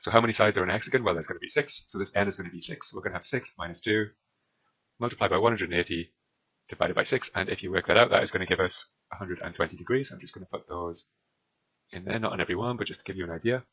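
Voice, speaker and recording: Speaking very fast in a low, pushed, bright voice, a British tutor works through a maths exam problem, drawing on a diagram and leaning heavily on fillers. It's a low-quality recording.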